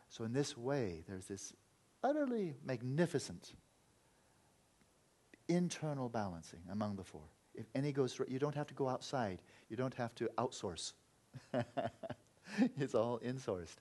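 A man's voice: mid-range voice, dark tone. A man teaching meditation in an earnest, reflective Buddhist talk, sometimes acting out inner voices.

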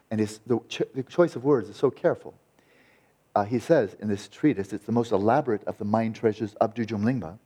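A man teaching Buddhist meditation in a dharma talk, lively and wry, with a sarcastic edge and frequent restarts. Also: fairly low pitch.

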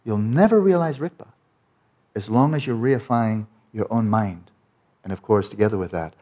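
A man's voice: mid-range voice, very animated, normal speed, a little mellow, husky. A man giving a Buddhist teaching talk as a meditation teacher, blunt and joking, often mimicking the inner voices of his students.

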